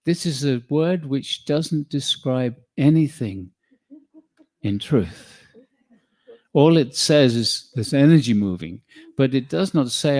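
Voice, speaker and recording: A man giving a slow, calm spiritual teaching, speaking in measured phrases and calling his listeners "beloved". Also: medium pitch.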